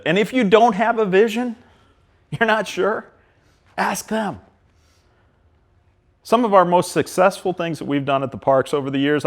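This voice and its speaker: A man in his fifties from Ohio, a park system director giving a plain-spoken leadership talk to a live audience, often acting out dialogue. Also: mid-range voice.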